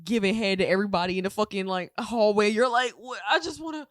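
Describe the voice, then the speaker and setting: A woman's voice: mid-range voice, fast talker, no room sound. Young woman podcast cohost, casual and swears a lot, gets dramatic, dry close sound. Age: 20s. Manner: animated, profane, dramatic retelling. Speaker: podcast co-host. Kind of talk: casual chat.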